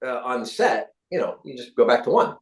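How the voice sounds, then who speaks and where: A middle-aged man, a guest actor, telling animated stories and acting out the people in them. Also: medium pitch, fairly quick. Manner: acts out quoted voices, lively. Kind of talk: animated storytelling.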